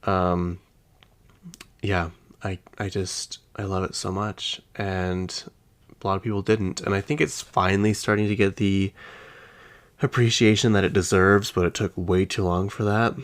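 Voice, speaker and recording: A man with a very deep voice hosts a casual celebrity gossip podcast. He rambles from one story to the next in an easy, chatty way and speaks straight to his listeners as if they were friends. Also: fairly even intonation, a little slow. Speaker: podcast host. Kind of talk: casual pop-culture chat.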